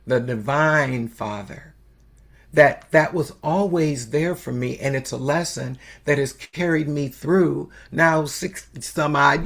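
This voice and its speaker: An older woman telling a story as a sermon, slow and unhurried with long pauses. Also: low-pitched. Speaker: spiritual speaker.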